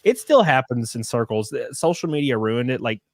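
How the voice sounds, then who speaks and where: A young man hosts a casual livestream, reading chat and rambling with plenty of fillers, restarts, and free swearing. His medium-pitched voice is expressive at a moderate pace, recorded dry with studio quality.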